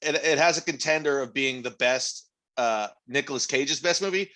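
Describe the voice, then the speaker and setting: A man's voice: medium pitch, normal speed, sharp tone. A man co-hosting a podcast, arguing his points emphatically in casual chat with plenty of swearing. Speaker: podcast co-host.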